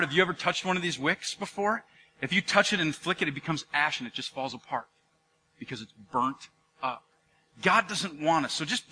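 A man's voice: on the high side, sharp tone, long reverb tail. A man preaching a sermon as pastor, telling playful jokey stories and calling out to the congregation in a church. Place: church sanctuary.

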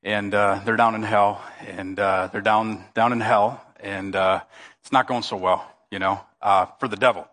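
A man preaching as pastor, telling a joke in an animated, playful way before his sermon. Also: fairly low pitch, normal speed, in a large hall. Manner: joking, animated storyteller. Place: church sanctuary.

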